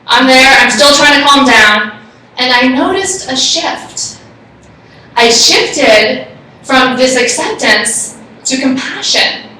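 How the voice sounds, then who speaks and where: Excitable woman giving a talk in an echoey room. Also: sits high, slow pace, a little hiss or hum. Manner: excitable, animated storyteller. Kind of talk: live talk with personal story. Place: room with a live audience. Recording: echoey room, far from the mic.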